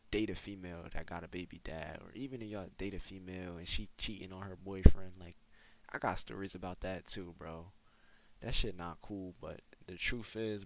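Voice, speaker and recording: A young man with a fairly low voice tells a casual story straight to his viewers. He talks in a slangy, laid-back way, dropping "bro" into almost every sentence. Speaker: gaming storyteller.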